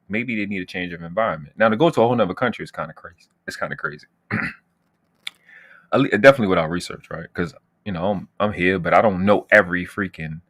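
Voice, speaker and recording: A lowish, slightly bright male voice comes through with no echo. He's an American channel host, brash and slangy, boasting and trash-talking to his chat on a laid-back livestream.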